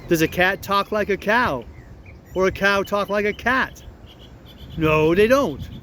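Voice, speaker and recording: A man's voice: high voice, a little slow, sharp tone, a little hiss or hum. A man reading an audiobook, voicing a clever young runaway boy who explains things patiently in plain dialect. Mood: explaining.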